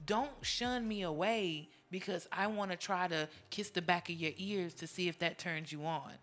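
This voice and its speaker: A woman's voice: on the low side, moderate pace. A young woman co-hosting a casual, frank chat, talking animatedly and acting out what partners say. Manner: animated, acts out quoted partners. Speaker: podcast co-host.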